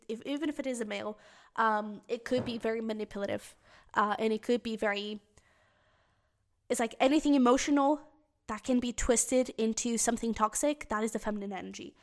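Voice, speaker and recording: A woman giving a pick-a-card tarot reading. She speaks earnestly and with feeling, straight to the viewer, and thinks aloud as she reads the cards. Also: fairly high pitch. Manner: earnest and emotionally invested, speaks directly to the viewer. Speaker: tarot reader.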